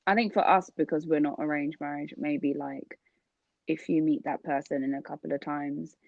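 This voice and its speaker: A woman's voice: gravelly, no echo. A woman in her twenties, a podcast co-host chatting casually and telling a personal story, acting out what others said with big jumps in her voice. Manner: animated storyteller, acts out quotes with big pitch jumps. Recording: dull, lo-fi, dry sound.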